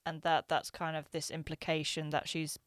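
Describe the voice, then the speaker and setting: A woman co-hosting a podcast, talking things through in a thoughtful, hedging way. Her voice sits a little low and sounds smooth and resonant, recorded close and dry. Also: completely flat delivery, moderate pace, fairly bright tone, no echo. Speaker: podcast co-host. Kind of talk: casual chat.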